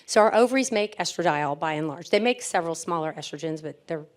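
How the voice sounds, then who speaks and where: A woman with a lowish, strained voice that is wearing out. She explains medical terms one by one for a live audience, speaking like a doctor on a stage panel. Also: animated, fast talker. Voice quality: strained, tired voice. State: losing her voice. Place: event stage before an audience.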